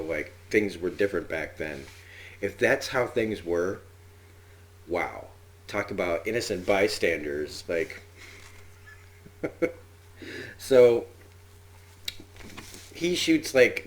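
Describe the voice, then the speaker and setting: Male podcast host, deep voice, chatty rambling episode recap. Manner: rambling, chatty, with frequent fillers and acted-out quotes. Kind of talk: casual spoken episode review.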